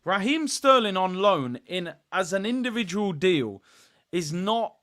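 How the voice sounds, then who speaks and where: A man talks live to his stream viewers. He rants in an animated, exasperated way and keeps calling out to the chat. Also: high-pitched, unhurried. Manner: animated, exasperated rant addressing viewers as people. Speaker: football channel host.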